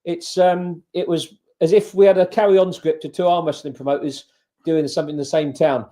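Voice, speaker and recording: Guy co-hosting, keen and chatty, bit higher voice but mellow. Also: steady tone, a little fast. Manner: enthusiastic, short praising remarks. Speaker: arm wrestling promoter and co-host. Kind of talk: casual livestream chat.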